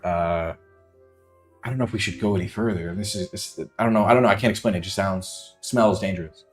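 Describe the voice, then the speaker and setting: A nervous young wizard student, played by a man at a tabletop game. He speaks low and quiet, uneasy about going further. Faint music plays behind him. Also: fairly quick, lightly acted. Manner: nervous, hushed. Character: wary male wizard student sensing danger.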